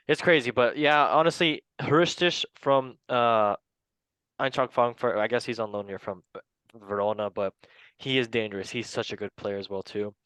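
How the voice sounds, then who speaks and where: A man's voice: mid-range voice, a bit bright, no echo, low-quality recording. A man hosting a casual football chat, playful and laughing often as he stumbles over player names. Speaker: podcast host.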